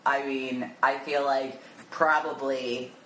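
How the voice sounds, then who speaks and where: A woman guest with a deep voice telling stories in casual chat, full of fillers and laughs. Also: flat delivery, takes it slowly, fairly bright tone. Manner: chatty storytelling with frequent laughs and fillers. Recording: roomy echo with background noise.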